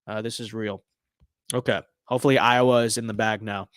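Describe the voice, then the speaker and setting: A man's voice: on the low side, steady tone, fairly quick, fairly bright tone, clean tone, no echo, clean studio sound. A young man streaming a game, giving casual rambling commentary with tongue-in-cheek bragging.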